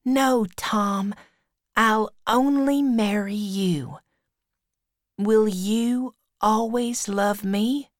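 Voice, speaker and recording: A woman voicing a shy, coy young girl in a storybook reading, with a high, light voice. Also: very slow, no room sound, studio quality. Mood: sweet.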